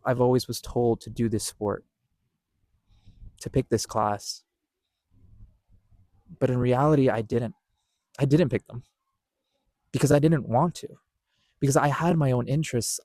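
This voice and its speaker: A man's voice: medium pitch, moderate pace, long pauses, darkish tone, no echo. Earnest young man telling a personal story. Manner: earnest, repetitive, with self-corrections. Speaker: podcast host.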